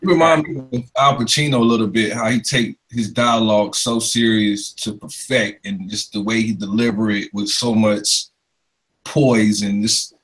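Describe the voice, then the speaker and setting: A man's voice: fairly low pitch, fairly even intonation, normal speed, a bit bright, breathy edge, low-quality recording. A man on a podcast panel, talking earnestly and emphatically. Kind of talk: casual panel chat.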